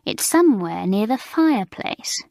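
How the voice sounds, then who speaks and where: A woman voicing a bold, mischievous teenage schoolgirl who talks in a bright, teasing way. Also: medium pitch, very animated, measured pace, vocal fry, dry recording, clean studio sound.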